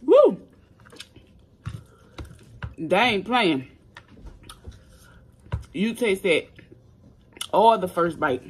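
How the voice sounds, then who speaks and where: A woman hosting a casual mukbang food challenge vlog, a little hoarse from a cold, chatting straight to her viewers. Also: fairly low pitch, lively intonation, drawn-out words, pauses often. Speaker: mukbang vlogger.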